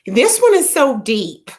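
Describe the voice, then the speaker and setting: A middle-aged woman hosting a casual live stream, playful and chatty, greeting her viewers by name. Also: on the high side. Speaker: livestream host. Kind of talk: casual livestream chat.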